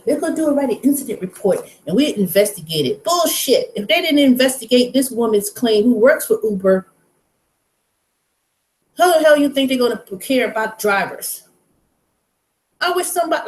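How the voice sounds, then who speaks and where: A woman hosting her own vlog, ranting bluntly and profanely in casual talk. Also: mid-range voice. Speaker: vlog host. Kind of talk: casual rant to camera. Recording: roomy echo.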